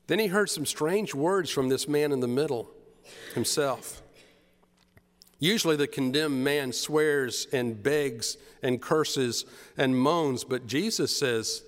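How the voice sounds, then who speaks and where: A man's voice: mid-range voice, slow pace, big-room sound. A man preaching a sermon, retelling the story with drama and repeated phrases.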